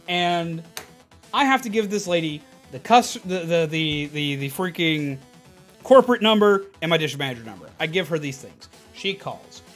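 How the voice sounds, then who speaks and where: A man streamer telling a casual, animated, rambling story about a retail customer, often restarting his sentences. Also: fairly high pitch, moderate pace, faint music behind.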